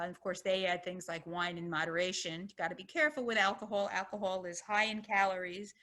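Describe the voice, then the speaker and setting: Bright-voiced woman giving a health lecture. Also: mid-range voice. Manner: conversational, explanatory, with anecdotes. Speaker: physician giving a health talk.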